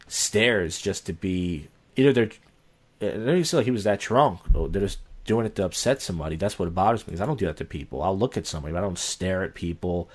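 A young man with a somewhat low voice, talking casually on a podcast. He rambles, restarts his sentences and acts out little bits of dialogue as he goes. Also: husky. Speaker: podcast guest. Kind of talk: casual chat.

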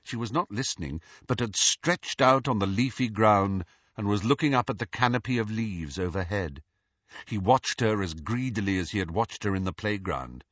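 Husky, expressive male audiobook narrator. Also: on the low side, moderate pace, no echo. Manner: expressive, animated reading. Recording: slightly dull, dry recording.

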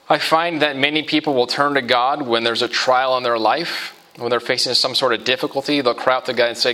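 A male pastor delivering a sermon with a bright, forward voice. He talks to the congregation in a relaxed, conversational way and keeps tossing in "right?" to draw them along. His pitch sits right in the middle for a man. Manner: conversational, often asks "right?" of listeners. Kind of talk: expository sermon.

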